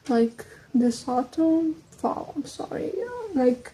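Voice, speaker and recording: A young woman who speaks English as a second language, with a slight American lean, chatting casually and quickly as a book vlogger, trailing off into soft asides. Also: on the high side, low-quality recording. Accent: American-leaning English, second language. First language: not English. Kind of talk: casual chat.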